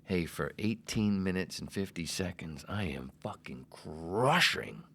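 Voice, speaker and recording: A man in his forties hosting a solo comedy podcast, brash and self-mocking, swearing freely and swinging between loud bursts and whispers. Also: low-pitched, expressive, measured pace, vocal fry, breathy edge. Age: 40s. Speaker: podcast host.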